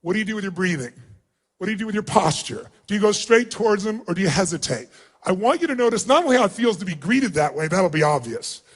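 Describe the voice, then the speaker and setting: A middle-aged man giving a motivational seminar to a large crowd in a hall, commanding and often yelling instructions. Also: sits high, expressive, quick pace. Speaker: motivational speaker. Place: large hall with thousands of people.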